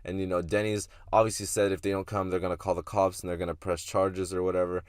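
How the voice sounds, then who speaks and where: Young man telling a story, low-voiced. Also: level tone, fast talker, smooth, no room sound, clean studio sound. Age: young adult. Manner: laid-back, slangy, swears freely. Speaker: vlogger. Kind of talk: casual storytelling.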